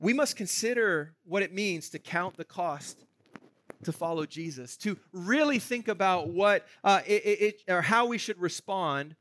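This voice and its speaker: A man's voice: high-pitched, expressive, a little slow, a bit bright, dry recording. A man preaching a sermon as pastor, in a conversational way that checks in with the congregation. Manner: conversational, asks the room "right?".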